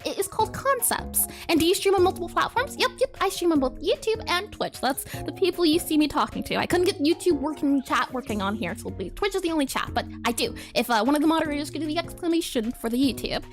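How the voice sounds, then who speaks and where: Very high-voiced, chatty streamer woman. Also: animated, fast, hardly any pauses, faint music behind. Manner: chatty, reads chat aloud, spells out words, laughs often. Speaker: game developer streaming live. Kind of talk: casual live-stream chat.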